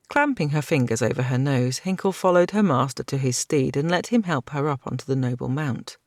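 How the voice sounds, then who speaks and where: Male audiobook narrator, gravelly, even delivery. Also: medium pitch, normal speed, no echo, studio quality. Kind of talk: scripted fantasy narration.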